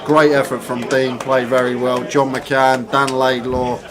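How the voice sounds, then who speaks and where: A man co-commentating a poker live stream, calm and analytical, calling the odds and the results. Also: mid-range voice, measured pace. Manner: relaxed, analytical play-by-play. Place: poker room at a live event. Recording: noisy crowd behind.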